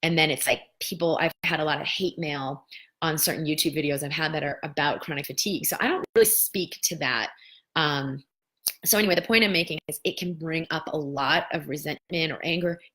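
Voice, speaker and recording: A woman in her thirties answering viewer questions in a casual spiritual coaching talk, animated and playing out the voices of doubters. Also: low-pitched, a little fast.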